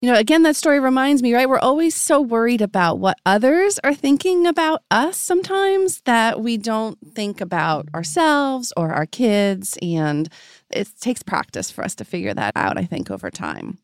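Lively-voiced woman podcast co-host. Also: fairly high pitch, normal speed, clean tone, no room sound, clean studio sound. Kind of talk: podcast chat.

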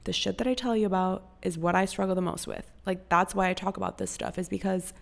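A young woman from Costa Rica hosts a motivational podcast in a casual, direct way. Her voice carries a strong gravelly fry, and she swears freely while cheering her listeners on. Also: mid-range voice, steady tone, fast talker. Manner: frank and profane, pep-talk tone. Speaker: podcast host.

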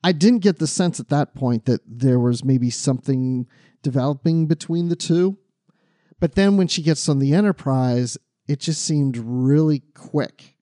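Mellow-voiced guy talking books, laughs a lot, dry close mic. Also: a little high, unhurried, no room sound. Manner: chatty, laughs easily. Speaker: podcast co-host. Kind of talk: casual book discussion.

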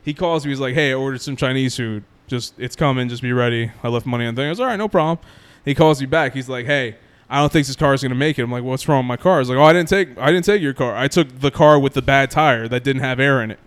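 A man's voice: medium pitch, quick pace, hardly any pauses, clear, resonant tone. A young man casually telling a long story to friends, acting out what others said. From New Jersey. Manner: animated storyteller, acts out quotes, laughs often.

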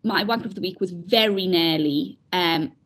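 A woman's voice: on the low side, moderate pace, slightly rough. A woman co-hosting a casual podcast chat over a call, telling stories with giggles and acted-out quotes. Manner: chatty, giggly, acts out voices in quotes. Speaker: podcast co-host. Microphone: remote call.

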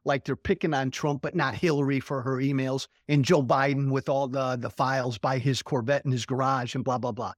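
Man, mid-pitched voice, blunt, swears freely, laughs a lot, dry sound. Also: steady tone, a little fast, hardly any pauses, no room sound. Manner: blunt, profane, laughs often. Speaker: political commentator guest. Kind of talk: casual political chat.

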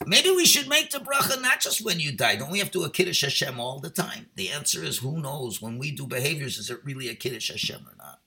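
A middle-aged rabbi preaching with passion, his voice very bright and a bit high for a man. He swings from loud urging to relaxed, conversational stories, mixing in Hebrew and Yiddish words. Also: quick pace, creaky, few pauses. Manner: passionate, swings from loud exhortation to quiet storytelling. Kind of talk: Torah talk.

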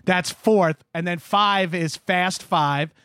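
A man in his thirties co-hosting a casual podcast chat, excitable and quick to swear, into a studio microphone. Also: sits high, clean tone, no echo. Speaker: guest co-host.

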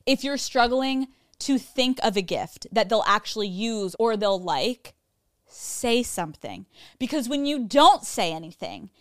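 A woman's voice: a little high, lively intonation, measured pace, no room sound, studio quality. A woman hosting a solo podcast, telling a personal story in a casual, candid and profane way, full of chatty fillers. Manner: candid, profane, self-mocking. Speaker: podcast host.

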